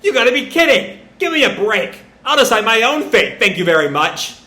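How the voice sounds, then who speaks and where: A man voicing a defiant, hot-headed young male ninja with loud, shouted lines. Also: a little high, sing-song, normal speed. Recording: roomy echo.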